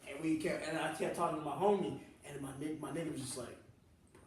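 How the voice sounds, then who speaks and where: A young comedian from the Southern US spins casual stories in loose slang, laughing as he goes. His voice sits a little high and rings out in an echoey room, heard from some distance away. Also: quick pace, slight background noise. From Southern US, New Orleans. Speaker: comedian host.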